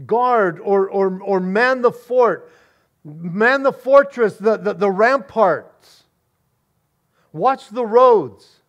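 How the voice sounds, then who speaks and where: A man voicing an ancient army officer who shouts commands to his soldiers. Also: sits high, expressive, drawn-out words, dull audio, full character voice. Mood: commanding.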